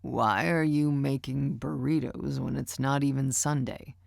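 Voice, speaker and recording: A man's voice: mid-range voice, steady tone, a little slow, vocal fry, a little mellow, no room sound, clean studio sound. A woman voicing a blunt, persistent man who is a nosy family friend in an audiobook. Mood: prying. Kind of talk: audiobook character voice.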